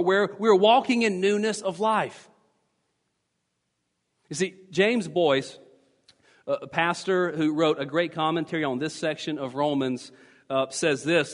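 A man with a fairly high voice preaches to his congregation, stressing each point and repeating phrases for emphasis. His voice rings out with a long reverb from the church sanctuary. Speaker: pastor. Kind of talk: sermon.

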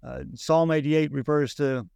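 A man's voice: fairly high pitch, steady tone, unhurried, creaky, darkish tone, clear, resonant tone, no room sound, clean studio sound. A man speaking earnestly in a Bible discussion, with a preacherly way of repeating himself.

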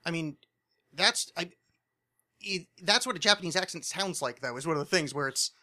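A man's voice: a little high, moderate pace, bright, forceful tone. A man with a nasal American accent, co-hosting a podcast in casual chat, rambling with many fillers. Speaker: podcast co-host.

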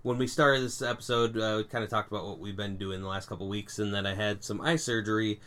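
A young man co-hosting a podcast, chatting casually and telling animated stories with puns. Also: fairly low pitch, fast talker. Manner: animated storyteller, puns, laughs at own jokes. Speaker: podcast co-host. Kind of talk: casual chat.

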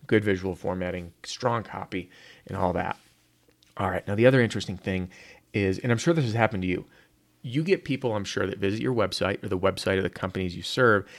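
A man in his thirties hosting a solo marketing talk, energetic and punchy, often repeating words as he restarts. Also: on the low side. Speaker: marketing podcast host.

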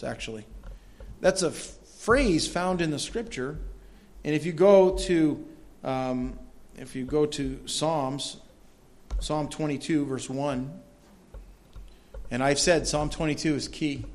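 Earnest preaching pastor, fairly high voice. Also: male voice. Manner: earnest preaching, rising loud on scripture readings. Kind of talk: sermon. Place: church.

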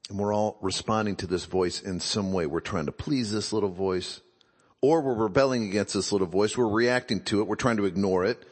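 A man's voice: lowish voice, husky, long reverb tail. A man giving a reflective talk, musing aloud and posing rhetorical questions.

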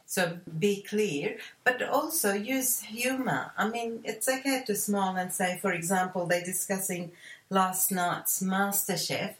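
A woman co-hosting an advice talk, measured and reassuring with examples. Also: medium pitch, a bit bright, distant mic. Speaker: co-host. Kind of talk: advice talk show discussion. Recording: echoey room.

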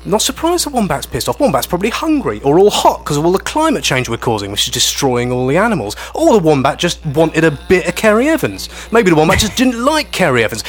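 Animated, ranting man co-hosting a chat. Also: on the high side, fast, few pauses, breathy edge. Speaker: podcast co-host. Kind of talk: comedic casual chat.

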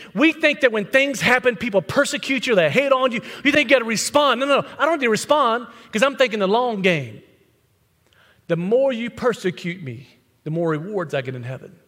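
A man's voice: extremely high pitch, lively intonation, moderate pace, a bit bright. A man pastor preaching a blunt, conversational sermon to his congregation, tossing out rhetorical questions. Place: church sanctuary with congregation. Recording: long hall reverb.

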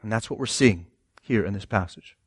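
A man's voice: fairly low pitch, fairly quick, husky, no echo, studio quality. A man pastor preaching a sermon in a conversational, emphatic way, often asking the listeners rhetorical questions.

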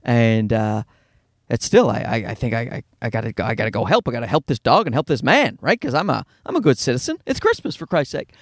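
A man's voice: mid-range voice, sing-song, fast, no echo. A comedian in his thirties hosting his own podcast from a home studio, ranting casually with profanity and acted-out voices.

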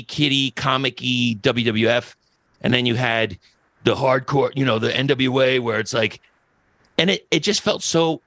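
A man's voice: medium pitch, a bit bright, no echo. Rambling, profane middle-aged man. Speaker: podcast host. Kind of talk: casual podcast chat.

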